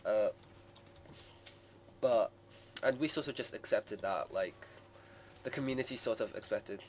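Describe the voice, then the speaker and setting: A man's voice: lowish voice, measured pace, long pauses, slight background noise. A man hosting a gaming channel, giving live gameplay commentary in a rambling way full of hedges and fillers. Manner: rambling, hedging with many "sort of" and "like".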